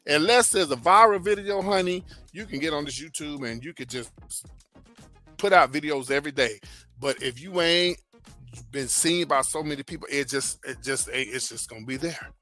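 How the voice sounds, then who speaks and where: A man's voice: a little high, normal speed, sharp tone, faint music behind. A man hosting an entertainment gossip show, chatting casually and animatedly with viewers, calling them baby and child. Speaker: host of a celebrity gossip channel.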